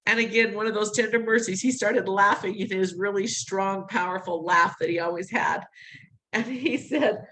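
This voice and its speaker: A middle-aged woman, an interview guest, telling a personal story in an animated way, acting out what others said and laughing often. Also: mid-range voice, normal speed, low-quality recording.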